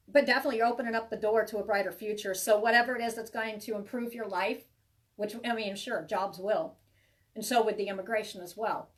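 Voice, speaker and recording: A woman tarot reader does a live reading for her viewers, chatty and reassuring, rambling and restarting often. Her voice is medium in pitch and the mic sounds distant.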